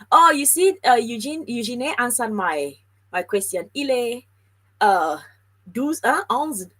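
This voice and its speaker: A woman's voice: mid-range voice, poor audio. A woman hosting a casual live stream about scholarships, chatting with viewers and reading their comments out. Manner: chatty, animated, talks straight to viewers and reads comments aloud. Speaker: livestream host on scholarships.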